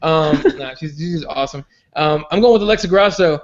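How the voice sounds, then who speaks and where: A man's voice: a little high, fairly quick. A man hosting a casual chat podcast about fights, rambling with many restarts and fillers. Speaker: podcast host. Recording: dull lo-fi sound.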